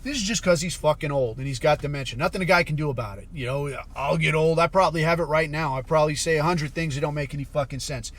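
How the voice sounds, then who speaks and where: This podcast host has a slightly high voice and talks fast with few pauses. He delivers a casual commentary rant that's blunt, sarcastic, and full of profanity.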